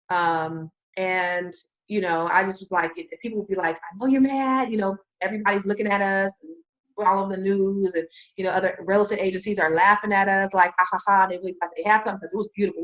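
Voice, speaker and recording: This woman, appearing as a podcast guest, recounts an anecdote casually and energetically while imitating the voices of those she quotes. She has a mid-range voice and a brisk delivery, and the audio sounds dull.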